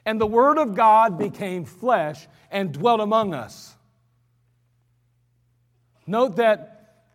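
A man preaching an emphatic sermon, slowing down and repeating lines for stress. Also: high-pitched, animated, in a large hall. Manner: emphatic, repetitive, slows for stress.

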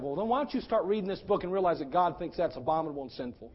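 A male pastor preaching a sermon, fiery, swinging from quiet talk to shouting. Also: on the high side, expressive, racing, highs cut off.

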